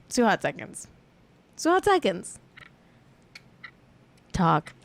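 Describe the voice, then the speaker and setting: A woman's voice: mid-range voice, very animated, slow pace, vocal fry, long pauses, slight background noise. A woman hosting a casual celebrity gossip livestream, playful and self-mocking. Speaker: host.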